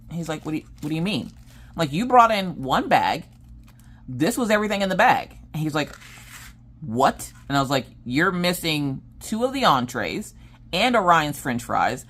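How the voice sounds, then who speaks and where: A woman in her thirties, a crafting vlogger, casually telling a family story and acting out what everyone said. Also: a bass voice. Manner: animated, acts out quoted dialogue.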